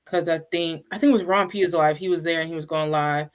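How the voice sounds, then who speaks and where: A woman's voice: sits low, fairly even intonation, quick pace. A woman co-hosting a casual chat, retelling scenes by quoting people and laughing. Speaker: co-host.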